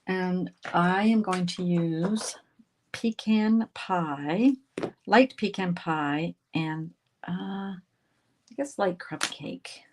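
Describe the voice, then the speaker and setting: A woman, hosting a casual crafting tutorial livestream, chatting as she works and slipping into soft murmured asides. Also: lowish voice, very slow, noisy background. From Canada. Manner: chatty, talks while working, drifts into soft murmured asides. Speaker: craft instructor and livestream host.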